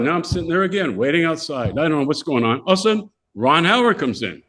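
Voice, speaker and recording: Older male guest, animated anecdote teller who voices the characters, mid-high pitch. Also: fast, few pauses. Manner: animated, acts out voices of people in his stories. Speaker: podcast guest. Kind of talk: casual storytelling.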